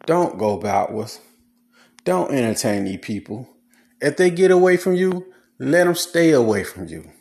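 A man's voice: mid-range voice, big pitch swings, a little slow, darkish tone. A man giving blunt, preachy relationship advice in a casual, slangy monologue.

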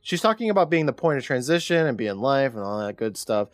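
A man chats his way through a scene-by-scene recap, his pitch bouncing all over as he quotes the characters. The sound is close and dry, with no room around it. He talks like a podcast co-host among friends. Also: big pitch swings, fairly quick, dry recording, soft background music. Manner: chatty retelling with quoted lines. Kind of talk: casual episode recap.

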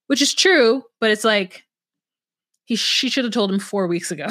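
A woman's voice: medium pitch, fairly quick, a bit bright, no echo. A woman co-hosting a podcast, rambling through a story and acting out the quotes in a casual recap chat. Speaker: podcast co-host.

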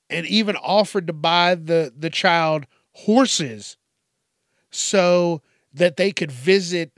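A man's voice: high voice, a bit bright, dry recording, clean studio sound. A man hosting a casual news commentary show, swearing constantly and laughing at his own stories.

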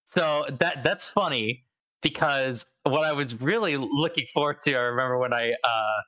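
A young man hosting a casual podcast, telling stories in an animated way and acting out quotes. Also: mid-range voice, moderate pace, rough recording. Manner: animated storyteller who acts out quotes. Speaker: podcast host.

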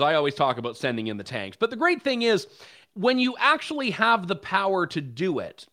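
A man giving sarcastic, animated political commentary. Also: high-pitched. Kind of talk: opinion commentary.

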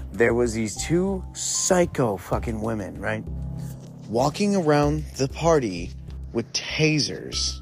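A young man recounting a story casually, swearing all the time and padding with "like". His voice sits in an ordinary middle pitch. Faint music plays in the background. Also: vocal fry. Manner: rambling, swears constantly, lots of 'like'.

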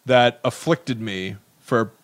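Casting: male podcast co-host, middle pitch, loose rambling storyteller, dry booth sound. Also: takes it slowly, no room sound. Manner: rambling, many likes and restarts. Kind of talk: casual chat.

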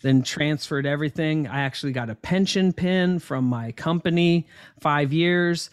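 A man being interviewed about his path as an entrepreneur, telling stories in a casual, animated way with lots of ums and restarts. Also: fairly high pitch, normal speed, clear, resonant tone.

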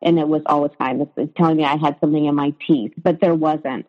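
A woman's voice: low voice, steady tone, quick pace. Hesitant woman on a reverberant, dull line. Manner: hesitant, with frequent fillers and restarts. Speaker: guest sharing her story. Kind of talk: personal storytelling in a conversation.

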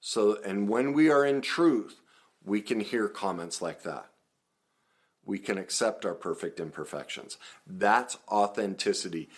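Animated man with a low voice. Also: measured pace. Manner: animated, laughing, acts out quoted comments; calm, earnest, reflective. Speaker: podcast host and emotional recovery coach. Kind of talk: casual monologue.

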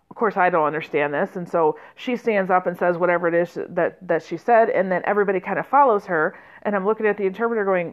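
A woman trainer telling a personal story in a conversational way, with fillers and restarts and lively quoted speech. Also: mid-range voice, fairly quick, lo-fi sound. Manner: conversational, many fillers and restarts, animated quoting.

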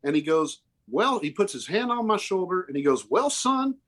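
Guy in his 50s, earnest and emotional, bit higher voice, talks in restarts. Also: expressive, a little fast, a bit bright. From Oklahoma. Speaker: musician guest. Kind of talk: candid interview storytelling.

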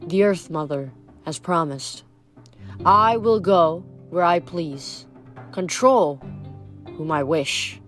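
Storybook spirit villain read by a woman: low, slow, halting, cold threat. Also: faint music behind. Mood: cold, menacing. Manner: slow, halting, flat menace. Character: cold possessing spirit speaking through a boy.

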